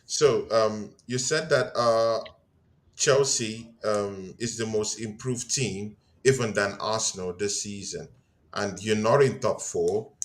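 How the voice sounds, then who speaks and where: A man hosting a football talk show, speaking in a calm, measured way with some teasing. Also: fairly low pitch. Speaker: host.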